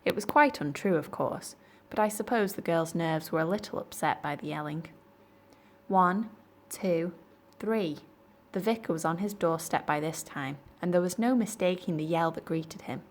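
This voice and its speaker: A woman reading a children's storybook aloud in clear, measured narration. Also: low voice, darkish tone. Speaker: library storyteller.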